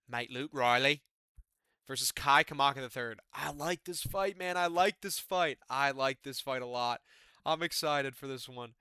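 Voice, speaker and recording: Young male host, excitable and chatty fight-pick breakdown, bright forceful tone, dry close sound. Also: medium pitch, clean tone, dry recording. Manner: excitable, chatty, fillers like man and dude. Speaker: MMA fight predictor. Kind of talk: casual fight-card breakdown.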